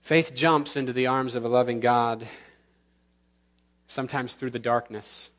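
A man preaching from the pulpit in an earnest, medium-pitched voice. He slows down on key words and lets his voice drop into quiet pauses. He leads the congregation in prayer at the close. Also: fairly even intonation. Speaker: pastor. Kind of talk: sermon. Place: church sanctuary.

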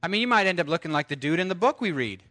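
A man preaching with a high, bright, ringing voice. He teases his listeners with ironic warnings, then lifts into exclaimed peaks before dropping to quiet asides. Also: very animated, rapid-fire. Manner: dynamic, swings from hushed asides to exclaimed highs. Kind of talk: sermon.

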